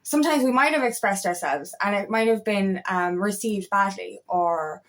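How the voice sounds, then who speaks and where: A woman's voice: mid-range voice, moderate pace. A woman working as an empowerment coach, speaking in a casual, motivational talk to camera. She is chatty and emphatic, repeats phrases, and swears now and then.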